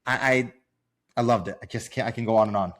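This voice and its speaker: A man as a guest on a casual movie podcast, gushing and enthusiastic, halting with feeling. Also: on the low side, fairly bright tone.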